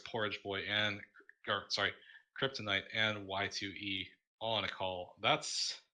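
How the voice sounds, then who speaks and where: Weary male stream caster, lowish and sharply bright, halting with fillers. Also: gravelly. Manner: tired, halting, many fillers. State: tired, yawning. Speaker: tournament caster. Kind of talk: casual livestream wrap-up.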